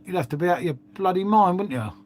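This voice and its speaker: A man's voice: high-pitched, animated, fast. A middle-aged man with a London accent, hosting a casual live stream and rambling on with plenty of swearing and "mate". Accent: London English. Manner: rambling, swears, frequent "mate" and tag questions. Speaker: livestream host. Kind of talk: casual chat to live viewers.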